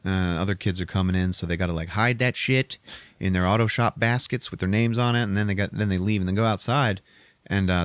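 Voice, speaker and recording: A man with a low-pitched voice recaps a film on his podcast, swearing constantly and lively as he acts out bits of each scene. His voice is close and dry, with no room sound around it. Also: no room sound. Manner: profane, animated retelling with put-on character voices. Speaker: podcast host. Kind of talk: casual movie recap.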